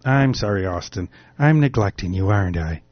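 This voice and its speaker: A man reading aloud, voicing a tired wife who turns sharp and pleading, in a higher voice. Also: expressive, normal speed, no echo, muffled recording, natural voice. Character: weary woman, tired busy wife.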